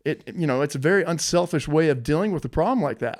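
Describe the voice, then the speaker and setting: A male podcast host with a somewhat high voice who talks in an emphatic way and drives his points home by saying them twice. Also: animated, fast talker, hardly any pauses. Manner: emphatic, admiring, repeats phrases. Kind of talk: interview conversation.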